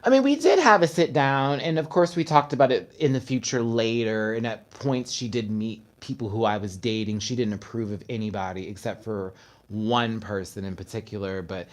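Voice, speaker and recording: A man's voice: fairly low pitch, normal speed. A man hosts a casual livestream and talks straight to his viewers. He tells stories with energy and acts out the words of the people in them. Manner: animated storytelling, acting out his mother's words. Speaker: host.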